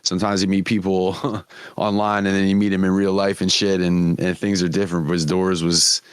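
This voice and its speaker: A man's voice: low-pitched, flat delivery, moderate pace, smooth, dry recording. A man hosting a podcast, telling stories in casual chat, swearing freely and laughing often. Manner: profane, laughing storyteller. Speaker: podcast host.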